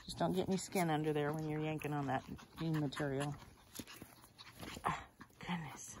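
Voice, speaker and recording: A dog breeder films puppies outdoors in a dog yard, chatting casually, laughing often and cooing at the dogs in baby talk while puppies and dogs play around her. Her voice sits low with a steady, slightly mellow tone at normal speed, and there's a little hiss or hum.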